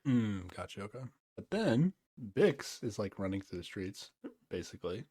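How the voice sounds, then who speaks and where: Husky, hedging man podcast host. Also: on the low side, very animated, normal speed, warm tone. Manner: hedging and unsure, many "I don't know"s. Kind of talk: casual chat.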